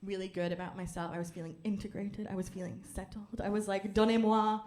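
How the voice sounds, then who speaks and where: Deadpan woman doing stand-up. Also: fast talker. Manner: deadpan delivery, bursts into loud, high mock-French theatrics. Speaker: stand-up comedian. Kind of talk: stand-up set with crowd work. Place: comedy club stage with a laughing audience.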